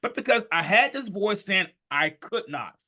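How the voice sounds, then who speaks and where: A man in his fifties telling his life story on a podcast, animated and emphatic, sometimes rising to a shout. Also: high-pitched, normal speed. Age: 50s. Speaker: podcast guest. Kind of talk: storytelling in conversation.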